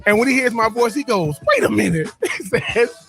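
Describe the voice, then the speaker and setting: A man's voice: very high-pitched, lively intonation, brisk, creaky, a bit bright, faint music behind. A man, co-hosting a radio show, telling stories in a casual chat with frequent repeats and laughs. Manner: repeats words and restarts, laughs often.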